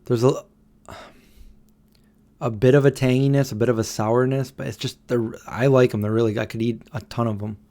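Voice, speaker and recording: A man's voice: medium pitch, steady tone, moderate pace, mellow. A man in his thirties hosting a casual late-night livestream at home, chatting loosely and reading out viewer comments. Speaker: livestream host.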